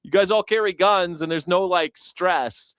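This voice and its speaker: Hosting a news reaction show, an American-raised man rambles in a casual, profane way, laughing frequently. His voice sits high and unhurried, with a fairly bright, clean tone and studio-quality sound free of room noise.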